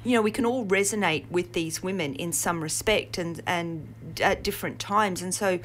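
Enthusiastic Australian woman, lowish voice. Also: moderate pace, fairly bright tone, slight background noise. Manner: chatty and enthusiastic. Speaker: theatre director. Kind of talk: casual radio interview guest.

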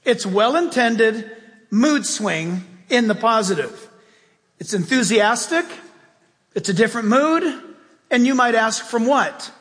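A man preaches from the pulpit in a strikingly high voice. His talk is emphatic and conversational, full of folksy asides. Long reverb from a large church hall trails every phrase. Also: animated, measured pace, pauses often, a bit bright. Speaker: pastor. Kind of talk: sermon.

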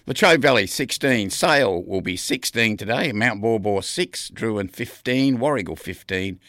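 Man, community radio host, chatty, lowish voice, dry studio sound. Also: lively intonation, unhurried, few pauses, fairly bright tone, no echo. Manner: chatty, self-deprecating. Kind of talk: casual breakfast radio patter. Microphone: studio microphone.

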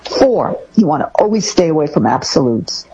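A woman co-hosting a casual talk show, giving parenting advice in an animated way and acting out things parents say. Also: low voice, normal speed, poor audio. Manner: animated, acts out parent phrases. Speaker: co-host giving parenting tips.

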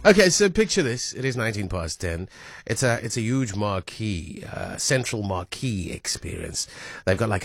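A man's voice: lowish voice, gravelly, husky, no room sound, studio quality. A man hosting a radio talk show in a chatty way, with frequent fillers and restarts. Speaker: radio host.

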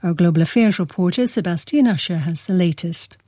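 A woman newsreader reading a news bulletin in a measured, formal way. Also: on the low side, mellow, no room sound.

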